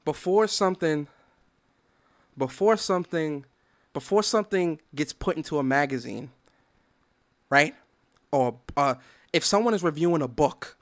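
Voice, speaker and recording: A man's voice: a little high, fairly bright tone. A man hosting a gaming podcast, reading definitions aloud and ranting in a heated, profane way. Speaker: podcast host. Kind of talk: gaming commentary rant.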